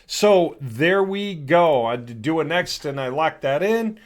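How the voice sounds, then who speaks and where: A man hosting a casual software demo, chatty and thinking aloud as he clicks through. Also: a little high, animated, a little slow. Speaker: host demonstrating software. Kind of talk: casual screen-recorded product demo.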